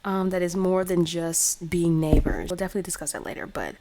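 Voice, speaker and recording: A woman's voice: on the low side, sing-song, fast talker, gravelly, hardly any pauses, darkish tone, slight background noise. Chatty young woman narrating a game. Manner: chatty, filler-heavy, playful. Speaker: let's play host. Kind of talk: casual game commentary.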